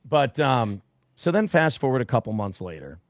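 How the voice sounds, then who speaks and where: A man's voice: medium pitch, very animated, moderate pace, no room sound, clean studio sound. A man as a podcast guest, telling a story casually with heavy swearing and acting out what people said. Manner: heavy swearing, acts out quotes with shifting voices.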